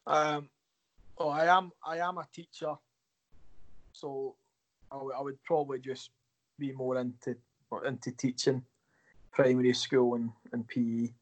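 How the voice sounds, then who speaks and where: A male hockey coach chatting as a podcast guest, mid-pitched and easygoing. He answers questions loosely and turns them into self-deprecating jokes. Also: flat delivery, unhurried, long pauses. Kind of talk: casual podcast interview.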